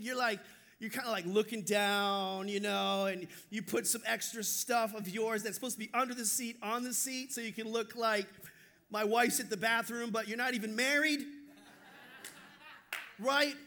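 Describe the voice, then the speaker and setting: A male pastor preaching a sermon, telling stories in an animated, joking way. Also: very high voice.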